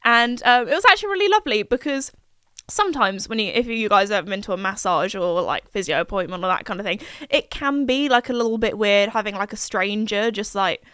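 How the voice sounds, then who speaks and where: A woman's voice: mid-range voice, expressive, fairly quick, bright, forceful tone, clean tone, no room sound, clean studio sound. A young woman, chatting casually and rambling on her solo podcast, full of fillers and asides. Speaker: podcast host.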